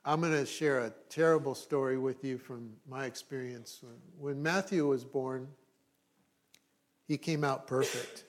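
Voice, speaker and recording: Middle-aged male pastor, mid-pitched voice, easygoing sermon delivery with dry jokes and self-corrections. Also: fairly even intonation, a little slow. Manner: conversational, with wry humorous asides and restarts.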